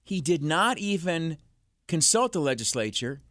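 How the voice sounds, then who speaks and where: A sarcastic talk radio host holding forth on his own in a dry studio. His voice is bright and cutting, sitting a little high for a man, and he rambles from one gripe to the next. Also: very animated, measured pace, no room sound. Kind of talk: solo talk radio monologue.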